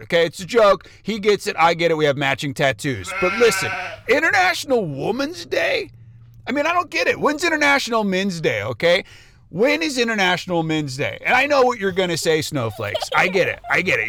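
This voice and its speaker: An actor playing a brash, boastful macho sports-talk radio host who rants loudly and keeps asking "okay?" in a swaggering comedic radio rant. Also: male voice, high voice. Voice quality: loud, blustering, ranting. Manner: swaggering, repeats himself, asks "okay?" and "all right?".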